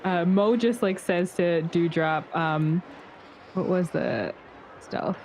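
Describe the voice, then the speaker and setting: A woman's voice: on the low side, takes it slowly, darkish tone, slight background noise, rough recording. A woman playing a tabletop game, giggly and rambling as she talks through her moves. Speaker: player.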